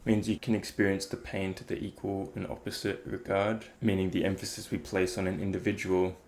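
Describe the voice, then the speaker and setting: Flat, gravelly-voiced man musing. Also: low voice, brisk, slight background noise. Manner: rambling, thinking aloud with many fillers. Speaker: meditation vlogger. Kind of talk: casual reflective talk.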